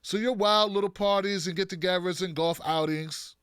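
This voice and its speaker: A man hosting a political commentary show, talking in a blunt, animated, joking way with frequent restarts. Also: high voice, moderate pace, clear, resonant tone, no echo, clean studio sound.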